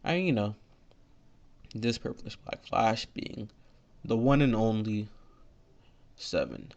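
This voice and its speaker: A man's voice: fairly low pitch, takes it slowly, gravelly, a little mellow. A man telling an improvised fan story in a rambling, filler-heavy way. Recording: lo-fi dull recording.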